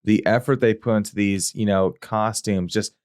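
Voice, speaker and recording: Low-voiced man telling a lively story. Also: normal speed, clear, resonant tone, no room sound, studio quality. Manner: animated anecdote-telling with sound effects and acted quotes. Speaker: podcast co-host. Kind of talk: casual chat, storytelling.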